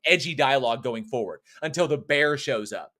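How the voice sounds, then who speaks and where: A man co-hosting a horror show, rambling through a film review with plenty of swearing and false starts. His voice is bright and forward, sitting at an ordinary middle pitch. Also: expressive, a little fast. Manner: rambling, profane, frequent restarts and fillers. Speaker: podcast co-host. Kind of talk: casual film review chat.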